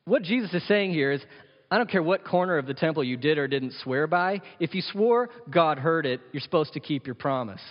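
A man preaching in a church hall, his voice carrying with a long echo. The sound is dull and lo-fi. He presses his points with rhetorical questions and slips in jokey asides. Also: a little high. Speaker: pastor. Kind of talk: sermon.

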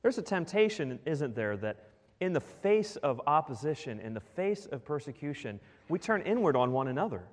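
A man preaching with a lively, swinging delivery, his voice sitting a touch high for a man. He keeps firing rhetorical questions at the congregation. The sound carries a long reverb from the large church hall. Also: moderate pace. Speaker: pastor. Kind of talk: sermon.

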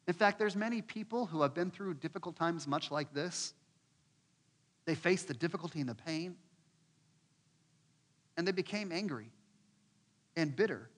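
A man's voice: high-pitched, in a large hall. A man preaching a sermon, telling a scripture story and acting out the inner voices of the people in it. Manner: expressive preaching, acts out quoted voices, repeats words when building. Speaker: pastor.

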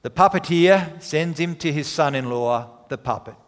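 Male preacher, dramatic emphatic delivery, slightly high voice, big reverberant hall. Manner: dramatic retelling with emphatic pauses. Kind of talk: sermon.

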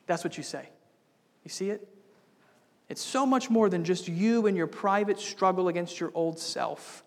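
A man's voice: sits high, unhurried. A man preaching a sermon as pastor, building to bold, emphatic declarations. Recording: long reverb of a church hall.

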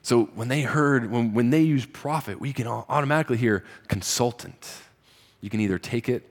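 Man, pastor, husky voice, conversational sermon, punchy rises for emphasis. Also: mid-range voice, moderate pace.

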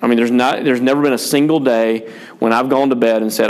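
A man's voice: medium pitch, fairly even intonation, brisk, darkish tone. A man, a pastor and father, talking about parenting in a frank, rambling, self-deprecating way, with many fillers and restarts. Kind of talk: casual pastoral chat on parenting.

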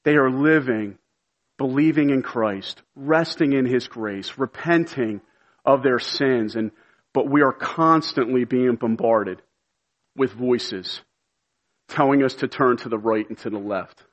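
A man's voice: medium pitch, a little slow. Pastor, male, earnest sermon delivery that swells to fervent emphasis, dull lo-fi sound. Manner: earnest, rising to emphatic shouts.

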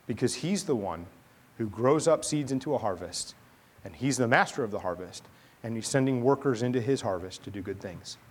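A man in his thirties, a pastor, preaching a sermon in a conversational storytelling way with chatty asides. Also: medium pitch.

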